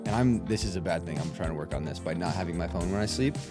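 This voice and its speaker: A man in a casual podcast chat, telling an animated story and laughing often. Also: deep voice, fast, loud music behind the voice.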